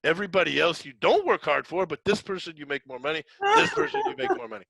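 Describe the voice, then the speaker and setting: A man's voice: sits high, wildly swooping pitch, fast talker, gravelly, fairly bright tone, breathy edge, no room sound, pitched above the performer's own voice, full character voice. A man imitating a joking male bodybuilder friend who speaks with stiff, overly polite phrasing. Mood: deadpan.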